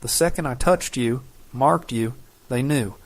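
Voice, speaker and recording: A man voicing a guarded, gruff young male shapeshifter in an audiobook, speaking in curt growls. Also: mid-range voice, unhurried, dry recording, natural voice. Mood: gruff, tense.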